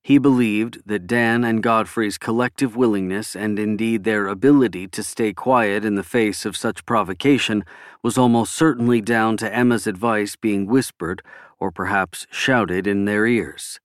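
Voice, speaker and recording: A man narrating a political novel in a measured, even reading. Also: on the low side, no room sound, clean studio sound. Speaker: audiobook narrator. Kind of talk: scripted narration.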